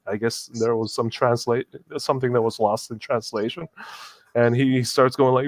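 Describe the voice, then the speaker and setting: A man playing a tabletop game, describing his character's actions hesitantly with many pauses and restarts. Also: mid-range voice, steady tone, no room sound. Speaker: player.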